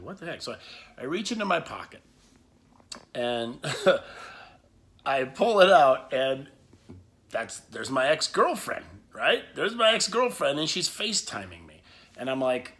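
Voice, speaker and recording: A man's voice: mid-range voice, very animated, measured pace, pauses often, fairly bright tone. A man telling a rambling personal story to camera, full of restarts, asides and laughs. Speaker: vlogger.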